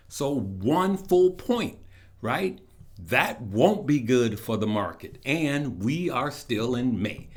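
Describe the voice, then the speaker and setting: A man hosting his own channel, talking viewers through stock charts in a casual, conversational way, calling them guys. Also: mid-range voice. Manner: conversational, addresses viewers as guys, frequent fillers. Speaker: stock market commentator. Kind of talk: casual market commentary.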